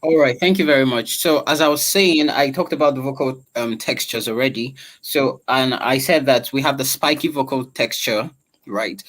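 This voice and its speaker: A man with a velvety voice explaining vocal textures in an online voice-over class, unhurried and full of fillers. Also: medium pitch, fairly bright tone, low-quality recording. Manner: explanatory, drawn-out, filler-heavy. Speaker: voice-over coach.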